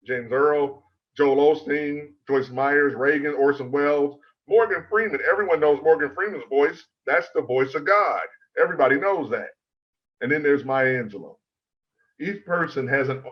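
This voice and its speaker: Measured, emphatic male presentation coach. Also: mid-range voice, lo-fi sound. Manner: measured and emphatic, lists in threes. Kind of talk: prepared presentation.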